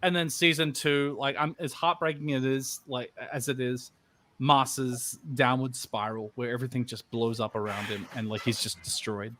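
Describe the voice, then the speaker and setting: A man's voice: medium pitch, steady tone, normal speed, a bit bright. A man on a voice actor panel, chatting casually with many fillers and restarts.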